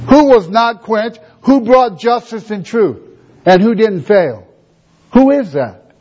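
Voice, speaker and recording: A man's voice: high-pitched, a little mellow. A man preaching a sermon, emphatic, reading scripture and repeating rhetorical questions. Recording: dull lo-fi recording.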